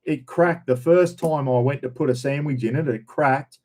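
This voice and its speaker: A middle-aged Australian man hosts a casual livestream chat, reading out viewer names and greeting them, rambling and repeating himself with words like "everyone" and "bloody." His mid-range voice is a little mellow and moves at a moderate pace.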